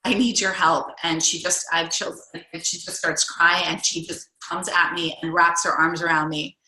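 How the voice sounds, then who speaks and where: Rambling woman coach, lowish bright voice, echoey room. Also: little pitch movement, normal speed. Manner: rambling, many restarts and fillers. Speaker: coach leading a group call. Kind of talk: casual storytelling to a group.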